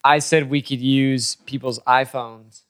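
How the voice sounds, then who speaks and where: A man's voice: medium pitch, steady tone, unhurried, smooth. A man in casual chat, eager and repetitive, restarting phrases often. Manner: eager, repeats himself, laughs easily.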